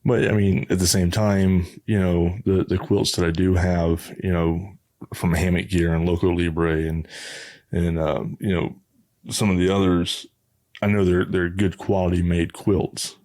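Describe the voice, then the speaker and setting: A man's voice: low-pitched, level tone, a little slow, darkish tone, no echo. A man hosting a podcast, chatting in an easygoing, agreeable way with hesitant restarts. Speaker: podcast host. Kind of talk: casual chat.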